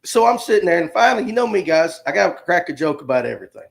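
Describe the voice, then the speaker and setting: A man's voice: high voice, big pitch swings, racing, creaky. A man, hosting a livestream and telling a rambling, jokey story straight to his viewers. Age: 50s. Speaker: podcast host.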